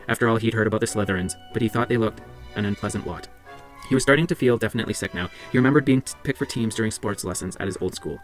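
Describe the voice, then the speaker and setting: Low-voiced man reading a story aloud briskly. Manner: brisk, with small slips and restarts. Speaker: library book club reader.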